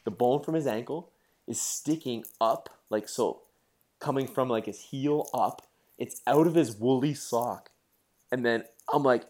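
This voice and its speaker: A middle-aged man in casual chat, telling animated stories with swearing and laughter. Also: medium pitch, a little slow.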